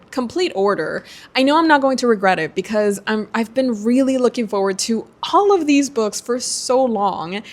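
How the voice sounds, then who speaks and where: A young woman vlogging casually to camera as she browses online, chatty and giggly, talking to herself. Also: medium pitch. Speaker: book vlogger.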